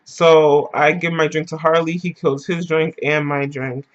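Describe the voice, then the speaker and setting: A man's voice: fairly high pitch, level tone, measured pace, dull audio. A man telling a story in a casual vlog, loose and slangy, rambling as he goes.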